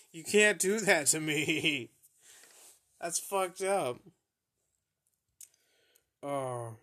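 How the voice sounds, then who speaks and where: A young man with a medium-pitched, slightly bright voice hosts a podcast, casually recounting embarrassing stories about himself. He swears freely and laughs at his own mishaps.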